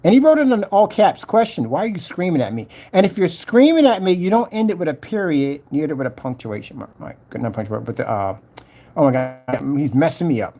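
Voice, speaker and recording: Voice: medium pitch, sing-song, fast, warm tone. Mocking vlogger with a swooping voice. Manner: mocking, scolding, reads comments aloud. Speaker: vlogger replying to a troll. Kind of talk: casual rant to camera.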